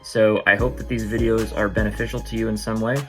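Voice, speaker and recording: A man's voice: fairly low pitch, flat delivery, quick pace, music in the background. A man hosting a casual Bible study vlog, retelling the passage in a playful, jokey, slangy way. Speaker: vlog host.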